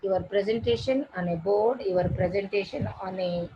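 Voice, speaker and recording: Woman lecturer, syllabus walkthrough, repeats points, medium pitch, faint hiss behind. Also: normal speed, dull audio. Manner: repetitive, restates points with simple examples. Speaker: college English teacher. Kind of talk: classroom lecture introducing a syllabus.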